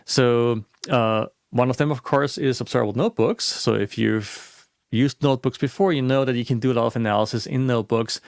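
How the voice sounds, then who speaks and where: A man presenting a webinar talk in a relaxed, conversational way, with frequent restarts and fillers. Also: medium pitch, a little fast, vocal fry, hardly any pauses, no echo, studio quality.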